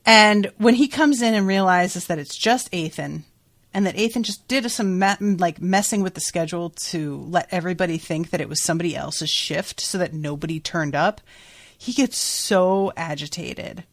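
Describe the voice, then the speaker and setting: A woman's voice: fairly low pitch, moderate pace. A young woman hosting a podcast, recapping a book in a chatty way and swearing freely. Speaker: podcast host.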